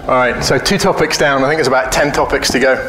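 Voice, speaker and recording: A man's voice: mid-range voice, fast talker, a little hiss or hum. A man giving a casual conference talk, informal and joking, blunt and often profane. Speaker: conference speaker. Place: conference hall. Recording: echoey hall with faint ambience.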